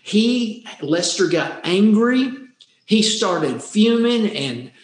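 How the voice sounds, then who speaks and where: A man's voice: high voice, very animated, slow pace. A man telling a true life story in an earnest way, often repeating words for emphasis. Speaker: speaker on happiness. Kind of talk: storytelling talk. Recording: roomy echo.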